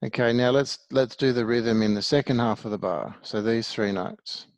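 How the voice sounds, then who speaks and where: Man, music teacher, patient step-by-step explaining, gravelly voice, dry close sound. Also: mid-range voice, moderate pace, dry recording. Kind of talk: one-to-one music lesson.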